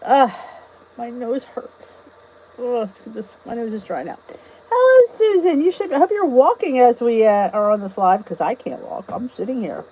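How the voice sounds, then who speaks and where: Speaking at normal speed in a fairly high, expressive voice with a dark tone, a middle-aged American woman runs a casual YouTube livestream from home, cheerfully greeting viewers and reading comments. She has a US accent, and her phone or camera on a stand yields poor audio with slight background noise.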